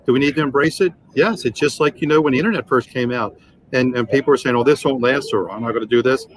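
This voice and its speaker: A man's voice: medium pitch, quick pace, poor audio. Guy in his 60s, car sales trainer, tells stories with lots of acted-out quotes, faint noise behind. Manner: animated anecdotes with acted dialogue. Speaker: guest, automotive sales trainer. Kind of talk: storytelling in a podcast interview.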